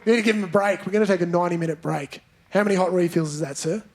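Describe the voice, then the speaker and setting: A man's voice: high voice, very fast, gravelly, darkish tone. A man performing stand-up comedy in a theatre, teasing audience members and leading the crowd in chants. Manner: playful, banters with audience members, leads chants. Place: large theatre stage. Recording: live theatre recording with crowd noise. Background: audience laughter.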